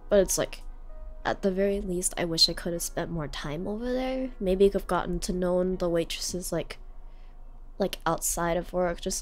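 Young woman, streamer, rambling casual chat, lots of fillers, soft music behind. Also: lowish voice. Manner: rambling, filler-heavy, sentimental. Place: home streaming setup.

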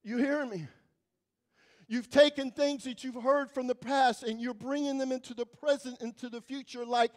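Guy with a really high voice preaching in church, dramatic, gets loud then goes real quiet. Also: steady tone, normal speed. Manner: dramatic, swinging from loud to hushed. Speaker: guest preacher. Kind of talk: sermon storytelling.

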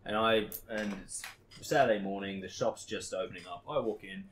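A man with a fairly low voice tells rowdy workplace stories on a podcast, peppering them with swearing and quick voices for the people in them. A faint hiss sits under the recording. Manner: swears a lot, acts out his old workmates in quotes. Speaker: podcast co-host. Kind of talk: casual storytelling chat.

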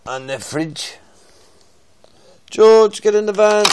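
A father in a casual home video, gently and playfully coaxing his toddler through opening a present. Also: high voice, animated, slow pace, pauses often, a little hiss or hum. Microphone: phone.

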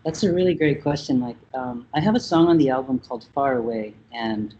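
Man from Vietnam in his thirties, warm mellow tone, reflective and halting, heard over a dull lo-fi call line. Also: mid-range voice, expressive, husky. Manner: thoughtful, hesitant with many fillers. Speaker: musician guest. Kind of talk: casual interview talk.

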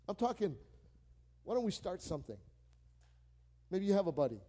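A male pastor delivers a lively sermon with a fairly high voice for a man. He leans on repetition to drive his points home and slips into playful voices when he acts out phone calls. It sounds like a church service. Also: moderate pace, long pauses. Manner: animated, repeats key phrases for emphasis.

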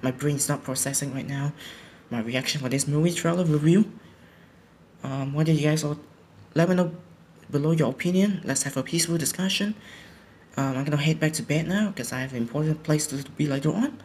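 A man's voice: on the high side, a little fast, a little mellow, a little hiss or hum. A sleepy young man, just out of bed, giving a rambling casual reaction commentary at home, often restarting his sentences. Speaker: YouTuber reacting to a trailer. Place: home, indoors. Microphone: home recording setup.

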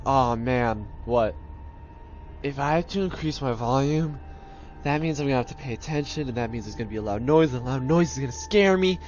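A man's voice: mid-range voice, fairly quick. A young man playing a horror game, nervous and jumpy, mocking himself, dropping to whispers and then yelping. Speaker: gaming channel host. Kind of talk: let's play commentary. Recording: dull, lo-fi game capture with game music behind. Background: faint game music.

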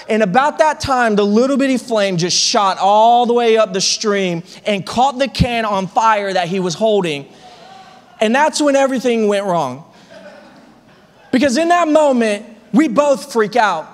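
A male pastor with a high voice tells a funny story from the pulpit in an animated way, tripping over repeated words. A long reverb rings through the church sanctuary behind him. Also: unhurried. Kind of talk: storytelling sermon.

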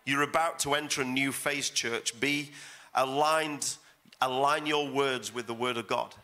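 In a fairly even, mid-range voice that sounds pushed and bright, a middle-aged guest pastor preaches a little slowly at a church service. He delivers his sermon emphatically, repeating phrases for effect.

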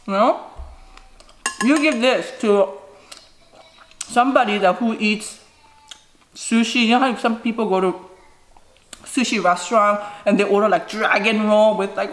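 A woman in her thirties, a mukbang vlogger chatting casually while eating and giving frank advice. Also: fairly high pitch. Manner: chatty, gives frank advice, says "you know" often. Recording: echoey room with faint noise.

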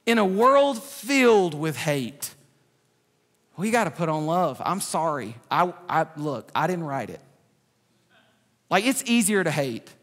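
A man preaching a sermon in a church, animated and joking, with loud outbursts. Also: high-pitched. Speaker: pastor. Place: large church sanctuary. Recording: reverberant church hall.

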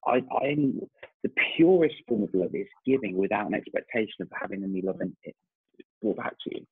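An English man in his thirties hosts a relaxed interview, thinking aloud with many restarts. His low voice is husky. The sound is dry and thin, like a phone-quality video call. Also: a little fast, no room sound. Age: 30s. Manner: thoughtful, rambling, frequent restarts and fillers. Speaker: host, confidence coach. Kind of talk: casual interview chat.

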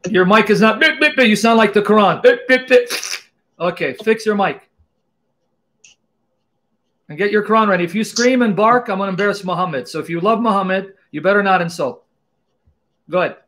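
A man hosting a live call-in debate stream, taunting and mocking his callers loudly. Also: high-pitched, fairly quick, long pauses.

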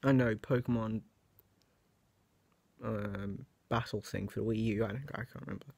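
This young male vlogger chats casually to camera in a lowish, darkish voice with vocal fry, fairly even intonation, normal speed, and no echo. He rambles and hesitates, often restarting sentences and poking fun at himself in a self-mocking way.

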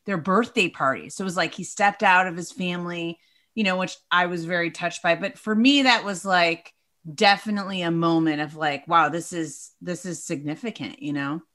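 A woman's voice: on the low side, moderate pace, fairly bright tone. A woman talking as a podcast guest in casual chat, loose and chatty with lots of "like" and "you know".

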